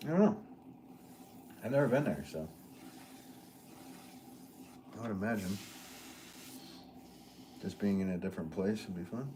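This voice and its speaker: A man's voice: lowish voice, expressive, normal speed, warm tone, a little hiss or hum. A man hosting a pottery live stream, chatting casually and reading viewer comments in an easygoing, rambling way that often trails off into a chuckle.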